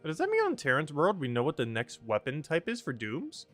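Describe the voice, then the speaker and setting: A man's voice: fairly high pitch, huge pitch swings, a little fast, a bit bright, soft background music. A man streaming a game, rambling casually with many fillers and frequent laughter. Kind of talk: casual game livestream commentary.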